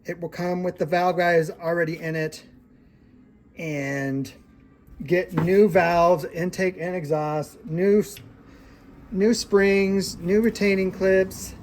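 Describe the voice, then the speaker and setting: A small engine repair technician giving a casual hands-on walkthrough in a repair shop, relaxed and plain-spoken, thinking aloud while working. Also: medium pitch, slow pace, slight background noise.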